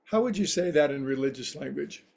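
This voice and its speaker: A man giving a spiritual talk to a livestream group as meditation teacher, telling a story in a gentle, reflective way. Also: on the high side, fairly quick, creaky.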